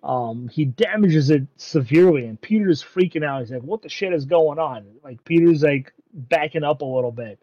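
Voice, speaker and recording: Guy retelling an anime plot, lots of ums, kinda high voice, dry dull lo-fi mic. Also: animated, moderate pace, hardly any pauses, a little mellow, no echo. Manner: rambling, many ums, swears casually. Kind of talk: casual anime recap.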